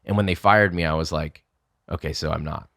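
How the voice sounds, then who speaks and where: A young man telling a lively story in casual chat, swearing freely and acting out the people he quotes. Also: very deep voice, a little fast, vocal fry, dry recording, studio quality. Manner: animated, swearing, acts out quotes. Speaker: podcast guest.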